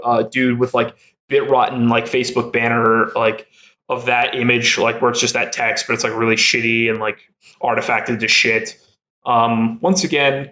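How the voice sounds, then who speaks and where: A young man in casual podcast chat, rambling with constant filler words and frequent laughter. His voice sits at a middling pitch. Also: fairly bright tone. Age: young adult. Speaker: podcast guest.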